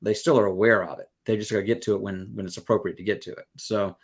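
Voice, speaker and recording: A music educator from the Southern United States, guesting on a podcast interview, explains things earnestly using everyday analogies and acts out quoted exchanges. His voice is fairly low and steady in tone, and he talks fast.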